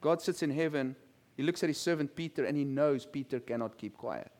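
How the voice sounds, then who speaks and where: This pastor's voice sits on the high side, fairly quick and a little mellow. While delivering his sermon and reading from scripture, he keeps a conversational tone, questions the congregation, and tends to repeat words.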